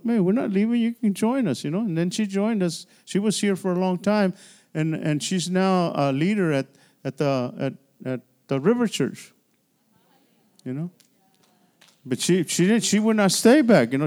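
A man's voice: high-pitched, animated, moderate pace, a little mellow. A man pastor preaching a midweek church sermon in a conversational style, with frequent restarts and call-and-response. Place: church sanctuary.

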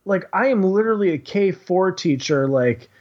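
Teacher guy, casual storyteller, slightly high voice, loose and profane, dull lo-fi sound. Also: lively intonation, moderate pace. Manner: rambling, profane, heavy on "like". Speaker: kindergarten teacher. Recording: dull lo-fi recording.

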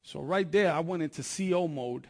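A man with a gravelly, somewhat high voice tells his testimony from the pulpit. He speaks in an earnest, conversational way and often stumbles and restarts mid-sentence. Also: normal speed. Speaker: preacher giving a testimony. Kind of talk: sermon testimony storytelling.

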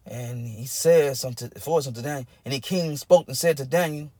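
A man's voice: mid-range voice, moderate pace, few pauses, a little mellow, no room sound, clean studio sound. A man preaching a sermon, building in rising, intense cadences and breaking into bursts of tongues.

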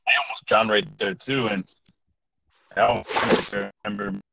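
A man's voice: fairly low pitch, steady tone, creaky, background noise. A young man in casual chat, swearing freely and stumbling over restarts as he talks. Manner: swearing, halting with restarts and laughs.

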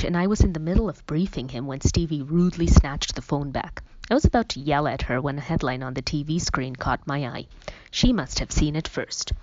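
Low-voiced woman narrating, wry storybook tone. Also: no room sound. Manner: wry, conversational. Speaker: audiobook narrator. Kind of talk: first-person storybook narration. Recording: dull, dry lo-fi recording.

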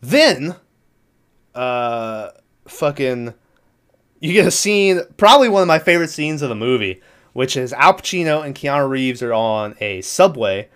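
A man's voice: mid-range voice, expressive, unhurried, fairly bright tone, clean tone. A man casually recapping a movie plot in a rambling, profane way, laughing now and then. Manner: rambling, profane, laughs through his retelling.

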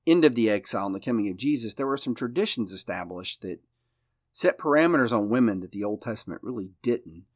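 Pastor for a Bible study talk: a man with a lower voice who explains things thoughtfully and steadily. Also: no room sound, clean studio sound. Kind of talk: conversational Bible study teaching.

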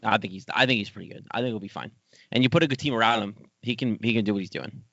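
A man co-hosts a casual sports talk show, offering rambling, laid-back opinions on players in a mid-pitched voice. The recording is dry and close, with a slightly dull, lo-fi sound. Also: racing, fairly bright tone, no room sound. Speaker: podcast co-host.

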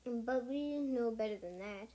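Woman voicing a gentle healer she-cat. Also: on the high side, unhurried, lightly acted. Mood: knowing. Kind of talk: storybook reading.

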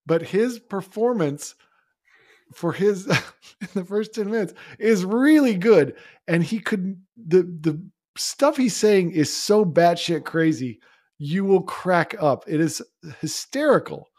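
A man's voice: high voice, expressive, takes it slowly, a little mellow. A man co-hosting a podcast, talking through a film in a casual, opinionated way and laughing often. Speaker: podcast co-host. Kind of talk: casual movie discussion.

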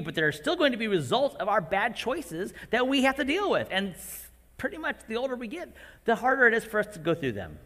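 A man in his forties preaching a sermon to parents, animated and acting out his own outbursts. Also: sits high. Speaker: pastor. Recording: long hall reverb.

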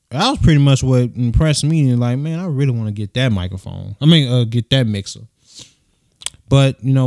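A young man hosting his own casual solo podcast, talking softly and rambling with slang, swearing and lots of fillers, recorded on a USB microphone into his phone. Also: clear, resonant tone, dry recording, studio quality. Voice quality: soft, low-key voice. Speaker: podcast host.

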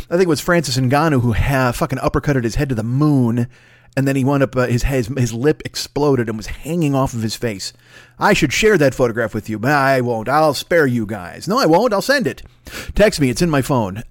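Guy doing his podcast solo, rambling and swearing a lot, making fun of himself, talks fast, dry close mic. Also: medium pitch, dry recording. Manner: rambling, profane, self-mocking, fast-talking. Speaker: podcast host.

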